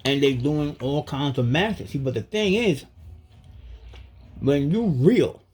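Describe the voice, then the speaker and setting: A man vlogging in a casual, emphatic rant full of street slang, with a husky voice. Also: fairly high pitch, lively intonation, takes it slowly, a little mellow. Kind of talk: casual monologue.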